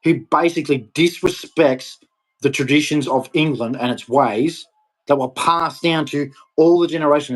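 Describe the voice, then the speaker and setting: Ranting man with emphatic outbursts. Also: medium pitch. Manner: ranting, emphatic, with sudden loud rises. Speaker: vlogger. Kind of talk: impassioned monologue to camera.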